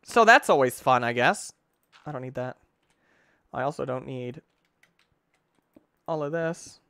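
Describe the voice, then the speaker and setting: Excitable man with a jumpy, lively voice. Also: measured pace, clean tone, no echo. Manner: excitable, with sudden shouts and big pitch jumps; rambling, talks to himself. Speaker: gaming channel host. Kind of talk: let's-play gameplay commentary.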